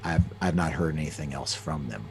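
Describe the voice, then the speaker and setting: A man with a very deep voice tells stories in a relaxed, conversational way. He often halts and restarts mid-sentence, filling the gaps with ums. A faint hiss of noise sits under his voice. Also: creaky. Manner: halting, frequent restarts and fillers. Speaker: interview guest. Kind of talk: conversational storytelling.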